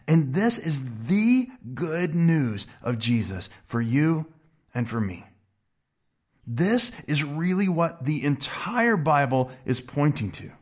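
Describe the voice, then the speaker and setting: A man preaching a sermon in an earnest, emphatic way, slowing down to stress key words. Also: a little high, big pitch swings. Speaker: pastor.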